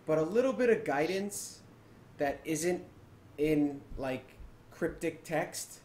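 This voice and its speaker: A man hosting a casual gaming podcast, telling stories with animated, acted-out reactions. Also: fairly high pitch, takes it slowly, reverberant, slight background noise. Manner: animated storytelling, acts out his own reactions. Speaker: podcast host.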